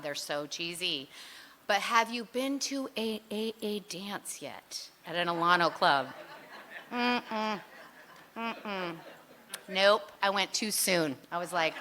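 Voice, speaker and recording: A middle-aged woman sharing her personal story at a recovery meeting, chatty and animated with lively asides. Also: mid-range voice, slight background noise.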